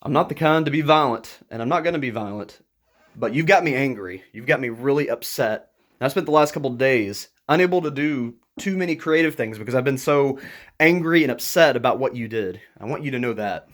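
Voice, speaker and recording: A man talking to camera in a frustrated, agitated rant, breaking into nervous laughs, his voice jumping higher when worked up. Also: expressive, brisk. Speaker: YouTuber.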